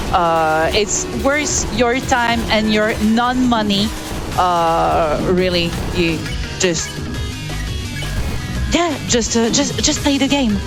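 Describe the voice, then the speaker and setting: A woman speedrunner talks as she plays, enthusiastic but halting. She speaks slowly, stumbling through fillers and restarts. Game music plays clearly under her voice. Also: lowish voice. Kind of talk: live commentary while playing.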